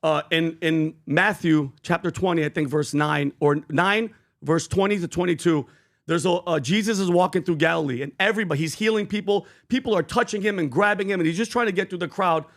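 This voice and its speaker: A man, co-hosting a podcast, pitching merch and earnestly retelling a Bible story. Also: fairly quick. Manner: earnest, animated storytelling with acted quotes. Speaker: podcast co-host.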